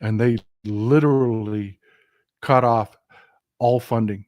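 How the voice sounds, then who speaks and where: Older guy doing a political commentary livestream, fired up, keeps repeating lines, reads comments out loud. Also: medium pitch, steady tone, slow pace. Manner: impassioned, emphatic, repeats phrases; reads viewer comments aloud. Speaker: livestream host.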